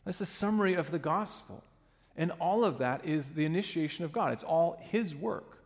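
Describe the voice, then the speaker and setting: A man's voice: on the high side, animated, moderate pace, in a large hall. A man preaching a sermon in a church, earnest and emphatic, sometimes restarting a phrase.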